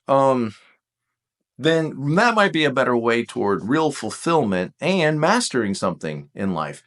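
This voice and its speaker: A man's voice: mid-range voice, measured pace. A man teaching about personality types in a casual, self-deprecating way, acting out bits of conversation. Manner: animated, self-deprecating, acts out quotes. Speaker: Enneagram teacher.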